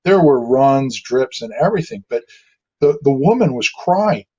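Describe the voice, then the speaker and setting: A man's voice: mid-range voice, moderate pace, breathy edge, dull audio. A man in casual podcast conversation, telling blunt stories about clients and acting out what they said. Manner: storytelling, acts out quoted clients in animated asides. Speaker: guest, builder and designer.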